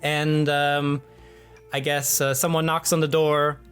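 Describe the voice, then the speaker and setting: A man narrating as game master in a relaxed, loose way, with many pauses and fillers. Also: a little high, clean tone, faint music behind. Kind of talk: casual narration of a tabletop game.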